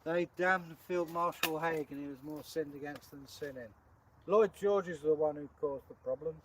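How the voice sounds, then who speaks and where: Sixties man, chatty co-host, slightly high voice, faint birdsong outside. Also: normal speed, background noise. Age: 60s. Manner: chatty, laughs often, jokey asides. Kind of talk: casual livestream chat.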